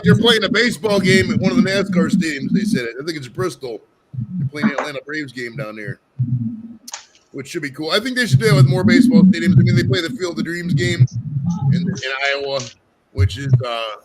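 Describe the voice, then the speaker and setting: A man's voice: on the high side, lively intonation, brisk, rough recording. A man from Ohio hosting a casual livestream, talking in a loose, rambling way and swearing freely. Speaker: livestream host.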